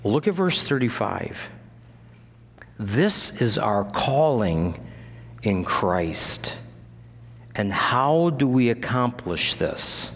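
A man preaching a sermon as a pastor, his voice climbing high on key phrases and dropping to a low, confiding tone for personal stories. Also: very animated, slow, pauses often, fairly bright tone, long reverb tail.

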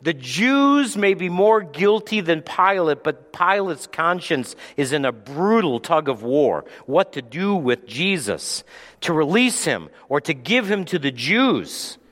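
A male pastor preaching with a high, lively voice that leaps and falls, moving between booming exclamations and hushed storytelling. He speaks slowly and deliberately. The sound carries a long hall reverb from a church sanctuary. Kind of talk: sermon.

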